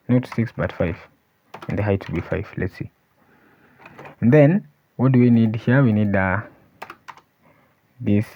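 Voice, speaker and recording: A man teaching a coding tutorial, thinking aloud as he types and often pausing to say "let's see". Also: on the low side, a little hiss or hum. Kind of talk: screen-recorded coding walkthrough. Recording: dull lo-fi voice recording. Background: keyboard typing and clicks.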